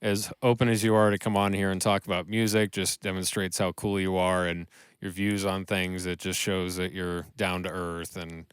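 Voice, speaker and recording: A man co-hosting a podcast, talking earnestly with halting restarts and some self-deprecation. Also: low-pitched, flat delivery, clear, resonant tone, dry recording. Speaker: podcast co-host. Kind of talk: casual chat.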